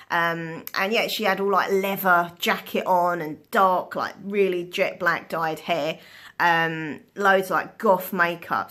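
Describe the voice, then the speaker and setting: A woman tells stories into her phone in a casual vlog. Her voice is bright and forward. She talks in an animated way, laughs a lot and drops in the odd swear word. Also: fairly low pitch. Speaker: vlogger. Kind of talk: casual storytelling chat.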